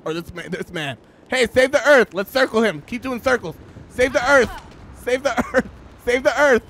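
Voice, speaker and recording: A brash, foul-mouthed woman who runs a taco truck, as a man puts her on in a game role-play. Her voice sits high, and she lurches from crude flirting to theatrical shrieks. It is all brazen and over the top. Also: normal speed, fairly bright tone, a little hiss or hum. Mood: rallying.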